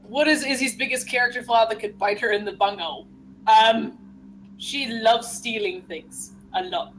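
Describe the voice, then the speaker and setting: A woman chatting casually out of character during a tabletop game, laughing a lot, swearing freely and filling pauses with ums, a bit tipsy from beer. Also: on the high side, fairly bright tone, soft background music, poor audio.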